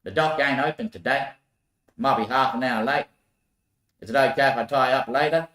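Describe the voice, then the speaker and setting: A man's voice: medium pitch, normal speed, fairly bright tone, roomy sound, close to an everyday voice. A man voicing a worker politely asking his boss about being late.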